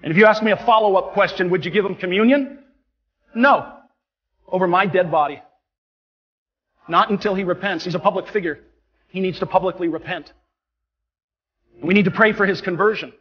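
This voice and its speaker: A man's voice: high-pitched, moderate pace, long pauses, slightly rough, highs cut off. A man, a parish priest delivering an impassioned homily, indignant and full of rhetorical questions. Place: large church. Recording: long church reverb, faint music.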